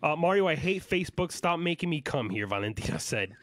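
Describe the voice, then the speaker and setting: A man hosting a casual live podcast, joking and hyped as he shouts out viewers, sounding a little fatigued. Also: fairly high pitch, very animated, fast talker, slight background noise. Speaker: podcast host.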